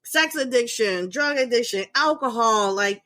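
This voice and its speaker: Middle-aged woman podcast host, chatty and rambling, bright forward tone, fairly high voice. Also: a little slow, dry recording. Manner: animated, talkative, rambling. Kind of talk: casual chat.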